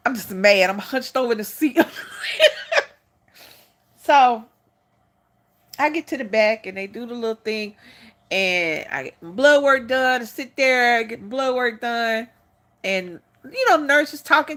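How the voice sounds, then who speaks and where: A woman with a bright, forceful voice pitched a little high, talking casually on a livestream. She tells her story frankly and with plenty of animation. She swears without a second thought. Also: moderate pace. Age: older for a first pregnancy. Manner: candid, animated, swears freely. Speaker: channel host.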